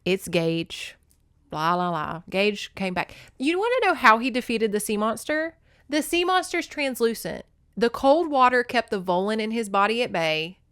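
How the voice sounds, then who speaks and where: A woman's voice: a little high, big pitch swings, moderate pace, a bit bright, clean tone, no room sound, clean studio sound. A woman hosting a podcast, giving an emotional casual recap of a novel and talking straight to her listeners. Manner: gushing and emotional, talks to listeners as y'all. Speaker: podcast host.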